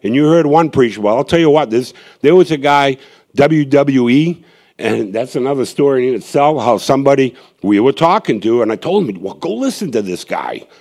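A man's voice: medium pitch, moderate pace, darkish tone. A man, a street evangelist, telling a gathering his testimony in a rambling, earnest way, with many restarts and asides.

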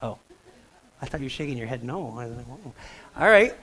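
A man's voice: mid-range voice, expressive, fast talker, pushed and bright, poor audio. A man pastor preaching a sermon in a church over a stage microphone, in a jokey, conversational manner that keeps checking in with the congregation. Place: church sanctuary.

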